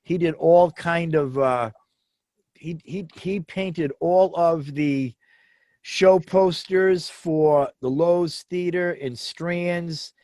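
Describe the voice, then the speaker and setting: A middle-aged man co-hosting a casual chat, telling family stories in an animated way and repeating words for emphasis. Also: fairly high pitch, drawn-out words, no room sound. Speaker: co-host.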